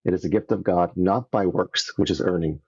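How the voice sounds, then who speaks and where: A man from Canada, a podcast guest, telling his story in an earnest, animated way and acting out the voices he quotes, on dull lo-fi audio. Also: low voice, brisk, breathy edge. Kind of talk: casual storytelling interview.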